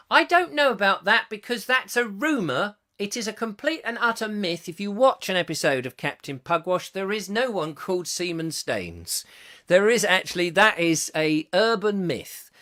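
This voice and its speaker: A man's voice: on the high side, big pitch swings, moderate pace, pushed and bright. Rambling, jokey English man. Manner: rambling, jokey, reads viewer comments aloud. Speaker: host. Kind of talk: casual live-stream chat.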